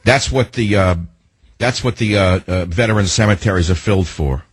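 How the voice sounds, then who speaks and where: An older man with a slightly husky voice hosts a call-in radio talk show. He rants with indignant emphasis and keeps throwing rhetorical questions at his listeners. The sound is dry and close. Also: on the low side, moderate pace, no echo.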